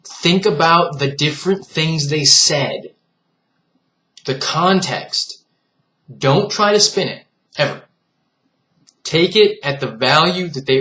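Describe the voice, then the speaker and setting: A man's voice: fairly high pitch, pushed and bright. Earnest man lecturing his viewers. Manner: earnest and reflective, lecturing the viewer with frequent direct appeals; laughs at what he finds foolish. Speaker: vlogger. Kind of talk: casual vlog monologue.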